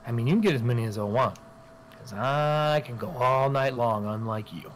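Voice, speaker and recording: A man's voice: mid-range voice, normal speed, slight background noise, lightly acted, rough recording. A man voicing Wallace, an unseen ghostly male companion who teases and boasts. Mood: mocking. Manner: teasing, boastful.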